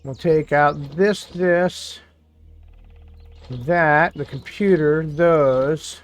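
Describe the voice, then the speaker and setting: A man's voice: fairly high pitch, drawn-out words. A man from New York State chatting casually on a live game stream, rambling and thinking aloud as he plays. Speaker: gaming streamer. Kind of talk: casual live-stream chat while playing.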